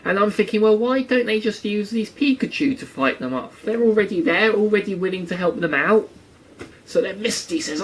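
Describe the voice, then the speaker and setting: Speaking at a normal speed in a high-sitting voice, a man reviews a cartoon episode with casual sarcasm. As an anime reviewer, he mimics lines in goofy voices, and the audio is rough.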